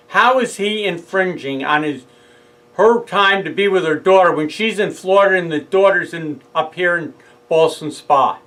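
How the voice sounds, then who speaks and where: A man's voice: high voice, normal speed, bright, forceful tone, low-quality recording. A man telling his own story in a casual monologue, rambling with asides and self-corrections. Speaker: father speaking out about his own court case.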